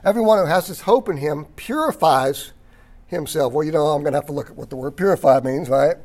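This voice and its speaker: A man teaching a Bible study lecture, reading passages aloud, stressing key words and often clearing his throat. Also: on the high side, animated, fairly quick, a little mellow. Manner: emphatic on key words, occasional chuckle.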